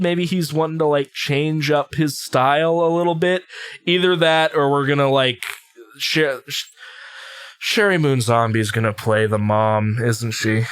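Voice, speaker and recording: A man co-hosting a podcast in casual chat, joking, quick to laugh and opinionated. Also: fairly high pitch, fairly bright tone, clean tone, no room sound, studio quality. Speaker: podcast co-host.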